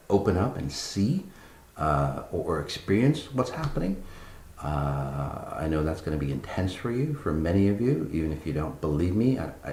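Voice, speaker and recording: A man with a very deep voice leads a meditation talk in a blunt, cursing way, stumbling through fillers and restarts. The sound is roomy and echoey, with a faint hum of background ambience behind him. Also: a little mellow. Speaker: spiritual teacher.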